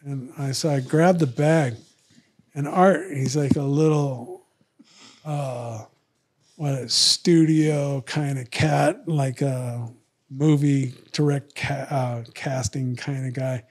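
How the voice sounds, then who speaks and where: A man's voice: mid-range voice, steady tone, slow pace, a little mellow, breathy edge. A man telling a long story in casual podcast chat, acting out other people's lines in raised voices. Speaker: podcast guest, retired fighter.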